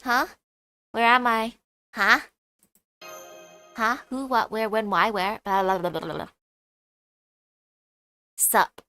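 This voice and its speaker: A woman streamer with a high voice plays through a game and reads its lines aloud. She breaks in with playful, joking comments, and faint music plays underneath. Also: fairly even intonation, slow pace, pauses often, pushed and bright, clear, resonant tone.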